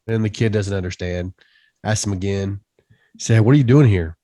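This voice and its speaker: A man's voice: fairly low pitch, normal speed, dry recording, studio quality. A man co-hosting a veterans' podcast, recalling a patrol story in an easygoing way and laughing as he tells it. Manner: relaxed storyteller, laughs at his own tale. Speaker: podcast co-host. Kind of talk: casual veterans' podcast chat.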